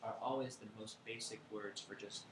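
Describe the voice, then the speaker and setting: A man's voice: fairly low pitch, fairly even intonation, normal speed. A man giving a casual, irreverent lecture in a bookstore, thinking aloud and rambling between points. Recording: echoey room with background noise.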